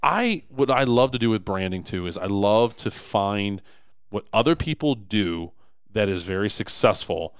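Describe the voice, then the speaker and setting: A man co-hosting a casual podcast in a low, smooth voice. He talks emphatically and often restarts his sentences. The sound is dry and close. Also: unhurried, no room sound. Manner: animated, emphatic, frequent restarts. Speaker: podcast co-host, business owner.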